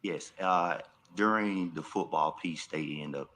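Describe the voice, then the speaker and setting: A man's voice: sits low, measured pace, bright, forceful tone. A man testifying in a courtroom as a witness, answering tersely and hesitantly. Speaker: youth football coach.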